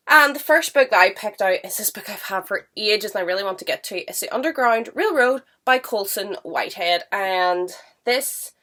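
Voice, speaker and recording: A woman's voice: medium pitch, sharp tone. A woman with a stuffy voice from a cold, chatting casually and enthusiastically about books at home. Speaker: book vlogger. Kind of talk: casual chat to camera.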